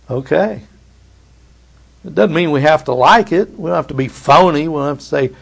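A man's voice: on the high side, normal speed, gravelly. A man preaching a sermon, reading scripture and acting out the voices of biblical figures.

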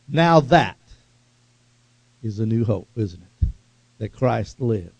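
A male preacher delivers a fervent sermon, his gravelly voice swinging into sudden loud bursts. The recording is dry and a little muffled, with no room sound. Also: on the low side, takes it slowly, long pauses, no room sound.

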